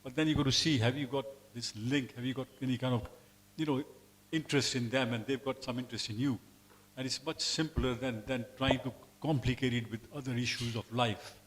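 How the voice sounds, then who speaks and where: A man in an audience at a spiritual class, making an earnest, halting comment with repeated words. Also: mid-range voice, fairly even intonation. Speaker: audience member asking a question. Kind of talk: question from the floor. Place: temple hall.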